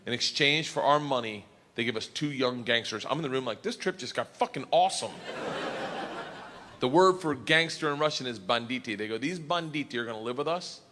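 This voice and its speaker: A man telling a stand-up story on stage, bursting into shouted punchlines, recorded live in a comedy club. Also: mid-range voice, a little fast, slight background noise. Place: comedy club stage before a laughing audience. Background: audience laughter.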